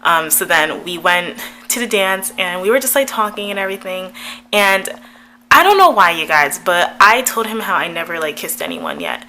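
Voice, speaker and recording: A woman's voice: fairly low pitch, very animated, moderate pace, pushed and bright, a little hiss or hum, poor audio. A young woman telling a personal story in a casual vlog, chatty and giggly, with many fillers. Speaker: YouTuber.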